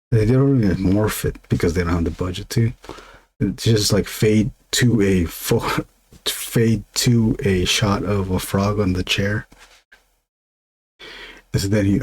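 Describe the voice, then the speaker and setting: Low, slightly raspy man; loose, rambling chat with restarts while he draws. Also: a little mellow. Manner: meandering, lots of fillers and restarts. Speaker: illustrator streaming his drawing.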